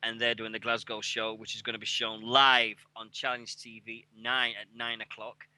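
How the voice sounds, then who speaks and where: A man's voice: mid-range voice, completely flat delivery, moderate pace, pushed and bright, no room sound. A man in his forties hosting a radio show on a headset mic, chatting casually with lots of swearing and rambling. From England. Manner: sweary, rambling, laughing at himself.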